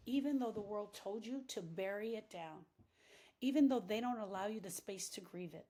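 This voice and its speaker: A middle-aged woman giving an impassioned grief-coaching talk, repeating phrases for emphasis and swinging between hushed and loud lines. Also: mid-range voice, animated, normal speed. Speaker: grief coach and podcast host.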